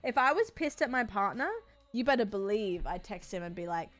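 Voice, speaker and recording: A woman's voice: mid-range voice, animated, brisk, soft background music. A woman streamer chatting casually while she plays, rambling and frank, swearing freely with lots of fillers. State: sore body.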